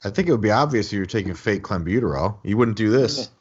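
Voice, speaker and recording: A very low-voiced man hosts a casual podcast interview. His pitch moves a lot as he reacts and asks quick, direct questions. The sound is dull and lo-fi. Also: lively intonation, slightly rough. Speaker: host. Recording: dull lo-fi audio.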